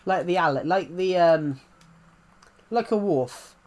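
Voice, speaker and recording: A man's voice: high-pitched, slow pace. A man, chatting casually on a live stream and rambling through restarts and repeated phrases. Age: 20s.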